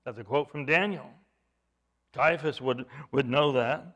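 This unhurried preacher speaks in a mid-range voice, recounting the story dramatically. He leans on rhetorical questions and swings between loud emphasis and hushed delivery.

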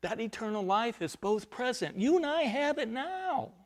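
A man preaching a verse-by-verse sermon, explaining grammar and repeating phrases for emphasis, swinging between loud stressed words and quiet, low asides. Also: very animated, moderate pace. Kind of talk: expository sermon.

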